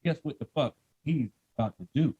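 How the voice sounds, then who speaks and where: A man's voice: mid-range voice, a little fast, dark tone, slightly rough, no room sound, highs cut off. A man co-hosting a casual podcast, reading a news story aloud with loose, profane jokes. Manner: loose, profane, joking, laughs often. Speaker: podcast co-host.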